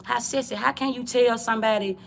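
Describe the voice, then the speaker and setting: A woman's voice: a little high, fairly even intonation, a little fast, gravelly, slight background noise. A woman from Georgia, delivering a preachy, repetitive livestream monologue in profane street talk, calling her viewers family. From Georgia, USA.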